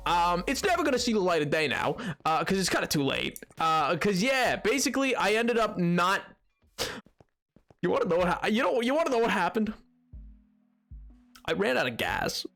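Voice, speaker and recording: A man's voice: high-pitched, sing-song, moderate pace, gravelly, pauses often, a bit bright, faint music behind. A man live-streaming a game, chatting playfully and joking with his viewers. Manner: playful and joking, talks to chat. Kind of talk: casual live-stream chat while gaming.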